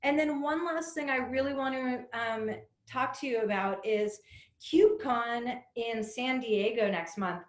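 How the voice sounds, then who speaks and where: A woman's voice: fairly high pitch, a little slow. Chatty woman hosting a webinar, roomy. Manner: chatty, upbeat, many "um" fillers. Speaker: head of community, webinar host. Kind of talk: webinar host introduction.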